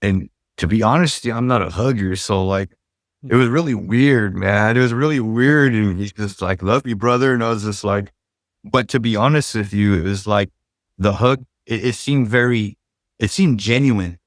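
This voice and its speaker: A man's voice: lowish voice, normal speed, no echo, clean studio sound. A middle-aged man from Southern California telling his life story in a loose, casual way, full of "like" and "you know".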